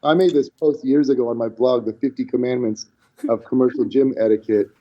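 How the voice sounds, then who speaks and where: A man's voice: mid-range voice, brisk. A man in his forties, a podcast guest telling stories in casual chat, acting out quotes with many restarts. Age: 40s. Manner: animated storyteller, acts out quotes, many restarts. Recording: dull lo-fi sound.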